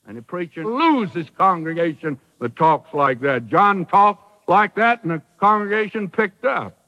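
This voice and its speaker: A man's voice: fairly high pitch, sing-song, unhurried, hardly any pauses, bright, forceful tone, long reverb tail, dull audio. A man preaching a sermon, emphatic, with rhetorical questions and dry humor.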